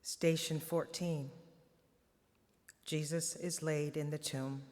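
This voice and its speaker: Slow, solemn man in church reverb. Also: fairly high pitch, little pitch movement. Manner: hushed, tender and sorrowful. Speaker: reader at a Good Friday service. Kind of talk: solemn first-person devotional reading.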